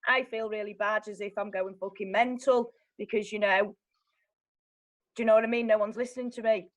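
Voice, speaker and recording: A young woman, telling her own story as a guest in a blunt, animated way, swearing often. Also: mid-range voice, brisk, poor audio. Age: young adult. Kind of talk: candid personal storytelling.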